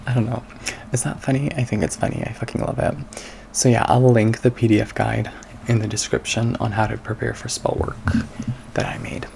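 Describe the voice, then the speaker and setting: A young man chatting casually on his channel in a soft, hushed voice, sassy and irreverent, swearing freely. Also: on the low side, level tone, normal speed, creaky, pauses often, a little hiss or hum. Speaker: witchcraft content creator. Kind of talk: casual chat.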